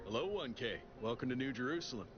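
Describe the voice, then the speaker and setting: A man's voice: mid-range voice, lively intonation, fast, natural voice. A man voicing an earnest young male android activist in a video game, with a laid-back, surfer-like way of talking as he gathers petition signatures. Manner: earnest, persuasive. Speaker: petition-gathering transit worker. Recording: dull audio under game music.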